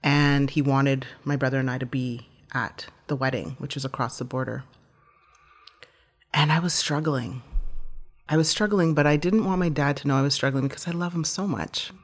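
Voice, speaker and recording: A woman's voice: rumbling low, moderate pace. A woman guest telling a personal story in a heartfelt, vivid way, often restarting her phrases.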